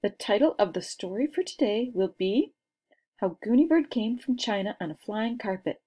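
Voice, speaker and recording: A woman's voice: medium pitch, animated, moderate pace, warm tone, slightly rough, voice pushed up. A woman voicing a poised, commanding second-grade girl who tells theatrical stories to her class. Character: bossy, confident second-grade girl storyteller.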